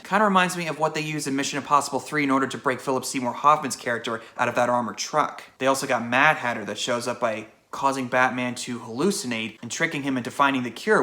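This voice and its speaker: A man's voice: mid-range voice, pushed and bright. A man giving a casual video game review, chatty and recapping the plot with asides.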